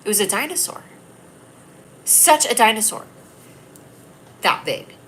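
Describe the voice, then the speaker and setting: A woman's voice: a little high, big pitch swings, unhurried, a bit bright, slight background noise, poor audio. A woman hosting a casual livestream, rambling and teasing her viewers, with a stuffy nasal voice. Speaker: livestream host.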